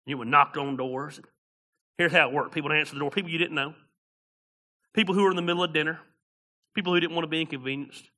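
Middle-aged male pastor, very bright and forceful tone, higher than most men; sermon delivery that swings between loud and hushed, folksy slang. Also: quick pace, pauses often. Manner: swings between loud preaching and quiet storytelling.

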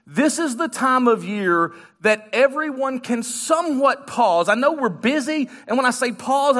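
High, bright-voiced joking man preaching. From United States. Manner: joking, conversational preaching to a congregation. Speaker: guest pastor. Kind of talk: sermon. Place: church sanctuary.

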